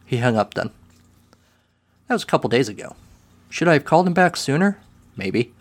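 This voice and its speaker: A man's voice: mid-range voice, big pitch swings, normal speed. A man reading a first-person short story aloud in a dry, wry way.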